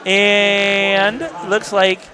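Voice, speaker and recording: A man doing play-by-play for a high school basketball game in a school gym, rattling off the action quickly and breaking into excited shouts with folksy asides. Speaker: play-by-play announcer. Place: school gymnasium. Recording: cheering gym crowd and noise behind.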